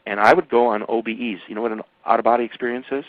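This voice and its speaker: An older man, an author being interviewed on the radio, talking emphatically and at rambling length, his pitch jumping suddenly. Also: fairly even intonation, rapid-fire, dry recording. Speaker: author and guest. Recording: dull, dry radio audio.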